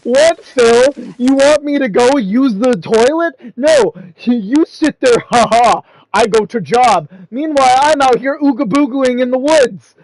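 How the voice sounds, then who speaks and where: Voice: sits high, a little slow, darkish tone, dry recording, low-quality recording. A young adult chatting while gaming, giggling through a theatrical mock-despairing rant. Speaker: gaming channel co-host. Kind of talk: casual chat while gaming.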